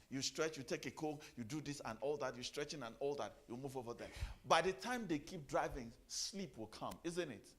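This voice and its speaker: A middle-aged man giving a motivational sermon, firing rhetorical questions, repeating phrases and giving the audience commands. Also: fairly high pitch. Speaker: motivational speaker.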